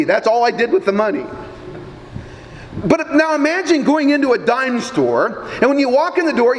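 High-voiced male preacher, lively delivery. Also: long reverb tail, slight background noise, rough recording. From Nebraska, US. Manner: storytelling, animated, with small stammers. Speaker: pastor. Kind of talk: sermon.

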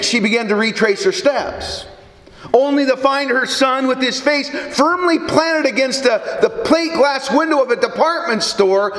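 High-voiced pastor preaching in an echoey church. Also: male voice, a bit bright. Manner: storytelling, conversational with occasional restarts. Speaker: Lutheran pastor. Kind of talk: sermon. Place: church sanctuary. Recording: echoey hall with long reverb.

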